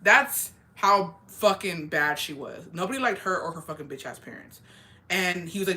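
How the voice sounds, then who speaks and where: A young woman telling a story in casual chat, swearing constantly and talking in an animated way. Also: lowish voice, normal speed. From rural area.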